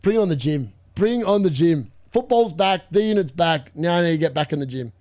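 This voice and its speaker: A young man with a fairly high voice, hosting a live fantasy football stream. He chats loosely and reacts excitably to each score update. His close mic gives a dry, tight sound with no room around it. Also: brisk, no room sound. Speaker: fantasy football livestream host. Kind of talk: live watchalong commentary.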